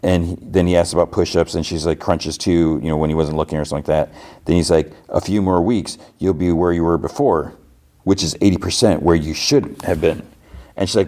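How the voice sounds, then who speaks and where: A man's voice: low-pitched, moderate pace, dark tone. A man hosting a podcast, casually retelling a TV episode scene by scene, quoting the characters loosely and adding his own asides. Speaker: podcast host.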